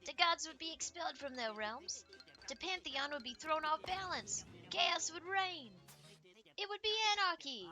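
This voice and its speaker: Game role: woman voicing an over-the-top villager proclaiming doom, high-pitched. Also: expressive, normal speed, sharp tone. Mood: ominous. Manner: theatrical, ominous declaiming. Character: dramatic, doom-warning game townsfolk. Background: game music.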